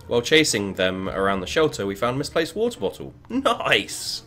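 Lively, bright-voiced male gamer, swearing. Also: mid-range voice, fast, vocal fry, faint music behind. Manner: swears a lot, yells and chants in excitement. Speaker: gaming video creator. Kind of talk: let's play commentary.

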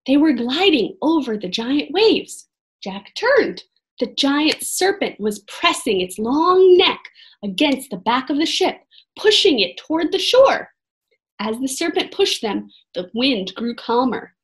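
Slow, expressive woman reading a storybook. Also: high-pitched, husky. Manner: expressive, pauses to comment to listeners. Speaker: storybook reader. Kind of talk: reading aloud a children's chapter book.

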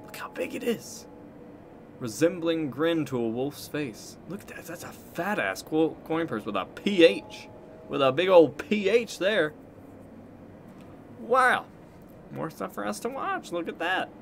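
A man's voice: a little high, expressive, a little slow, gravelly, a little hiss or hum. A man streaming a video game live, joking, swearing freely and chatting with his viewers. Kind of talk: live gameplay stream commentary.

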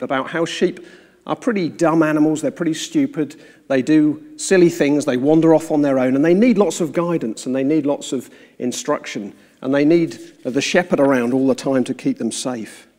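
A man preaching a sermon, telling a story in a measured, earnest way before moving into the sermon itself. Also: a little high, a little mellow. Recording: reverberant hall sound.

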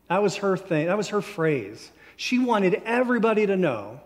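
Male pastor, slightly high voice, easy conversational preaching that slows for key lines; long church reverb. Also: very animated. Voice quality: conversational, warm storytelling delivery with slow emphatic phrases. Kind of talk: sermon. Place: church sanctuary.

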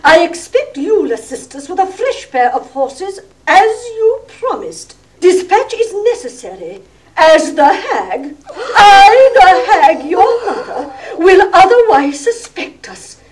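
A woman's voice: very high-pitched, very animated, takes it slowly, recorded from a distance, full character voice. An actress playing a domineering middle-aged country mother who rants with scorn and sarcasm, in a 1960s stage play recording. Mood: mocking.

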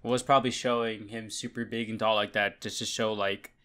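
A man's voice: fairly low pitch, level tone, fairly quick, bright, forceful tone. A young man hosting an anime reaction video, talking in a casual, slangy way and often bursting into laughter.

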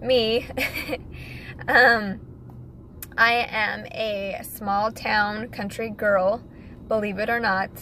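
A young woman chats casually to her viewers, giggling and talking straight to them with no accent. Her voice sits at a middle pitch. A faint noise hums under the recording. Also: steady tone, drawn-out words, pauses often, sharp tone, low-quality recording. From United States. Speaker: model and vlogger. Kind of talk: casual chat to camera.

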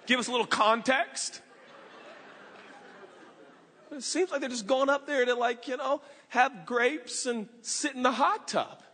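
A male pastor preaching a sermon, telling a story with lively acted-out voices and frequent laughter. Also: extremely high pitch, measured pace, pauses often, long reverb tail, some chatter behind. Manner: animated storytelling, acts out voices, laughs often. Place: large church hall.

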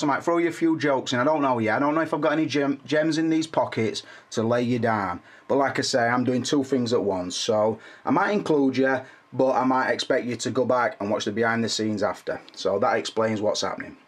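Man, casual review chat, mid pitch, joking, cursing. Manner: chatty, swears freely, jokey storytelling. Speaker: toy figure reviewer.

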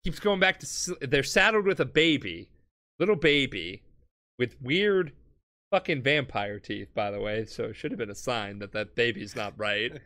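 A man's voice: medium pitch, animated, moderate pace, sharp tone. A drunk man hosting a podcast who rambles and swears through a comedic retelling, laughing often. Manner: rambling, profane, laughing, acts out characters. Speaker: podcast host.

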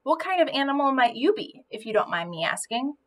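A woman voicing an old male giraffe in a storybook, speaking in a strangely calm, polite way. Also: sits high, moderate pace, voice pushed up, full character voice.

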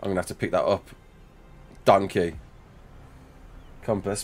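A man's voice: sits low, fairly even intonation, measured pace, long pauses, faint music behind. A man with a Black Country accent in his thirties, chatting casually on a game livestream, reading out chat and thanking donors with a self-mocking humour. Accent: Black Country English. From Black Country, England.

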